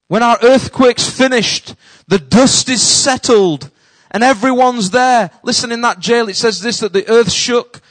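High-voiced preaching man, dry close sound. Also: dry recording, low-quality recording. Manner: preaching with sudden drops to a hush and bursts of loud calls. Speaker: pastor. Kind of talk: sermon.

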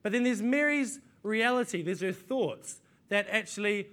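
A man with a notably high voice delivers a sermon to a congregation. He talks in a loose, conversational way, stumbling into repeated words as he restarts his sentences. He keeps pulling the listeners in with rhetorical questions. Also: lively intonation, normal speed, pushed and bright. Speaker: preacher.

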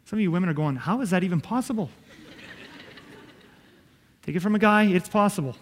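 A man's voice: high-pitched, a little fast, long reverb tail, a little hiss or hum. A man preaching a sermon as pastor, earnest and conversational, with self-deprecating asides.

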